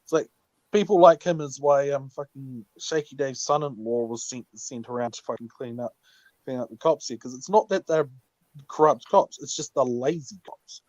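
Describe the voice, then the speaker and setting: A man's voice: mid-range voice, moderate pace, darkish tone, dry recording. Male caller, blunt and sweary, dull dry call audio. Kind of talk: casual chat. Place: small rural community.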